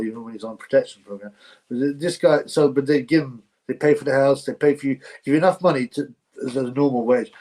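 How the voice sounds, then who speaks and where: A man's voice: fairly high pitch, a little mellow. Chatty man hosting a livestream. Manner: chatty, laughs often, rambling with restarts. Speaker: livestream host. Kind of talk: casual livestream chat reading viewer comments.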